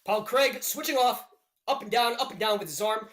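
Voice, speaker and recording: Jokey and excitable, a young man narrates a live fight on stream, with loud outbursts here and there. His pitch is high and his pace moderate.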